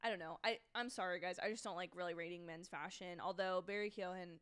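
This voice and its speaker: A woman's voice: fairly low pitch, fairly even intonation, quick pace, fairly bright tone, clean tone. A young woman hosting a casual livestream from home, chatting in a self-deprecating way and often trailing off mid-thought. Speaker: livestream host. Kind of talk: casual live watch-along commentary.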